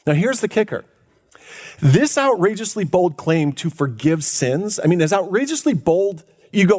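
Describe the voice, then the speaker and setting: Male pastor with a high voice, emphatic preaching delivery that stretches words for weight. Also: very animated, darkish tone. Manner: emphatic, drawn-out preaching with big pitch swings. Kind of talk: sermon.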